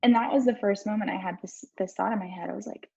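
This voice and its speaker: A woman's voice: mid-range voice, fairly even intonation, fast, creaky, dark tone, breathy edge. A young woman life coach telling her own story on a live stream, frank and swearing casually as she talks to viewers. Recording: dull lo-fi stream audio.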